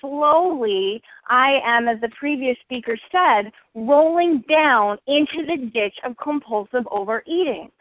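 A woman's voice: high voice, expressive, measured pace, hardly any pauses. A woman sharing personally at a recovery meeting, earnest and full of rhetorical questions. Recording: phone-like dry line.

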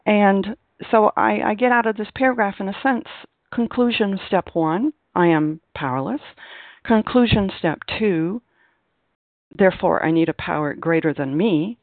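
A woman's voice: mid-range voice, unhurried, dry recording. Emphatic woman on a tinny phone line. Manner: emphatic, expressive, rising on key words. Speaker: meeting leader. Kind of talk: recovery meeting share.

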